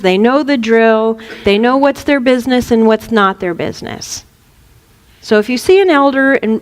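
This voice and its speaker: Her voice a little high and trailed by long reverb, a woman who is a reverend speaks informally on spiritual matters. She's an animated storyteller who playfully performs the quotes she relates.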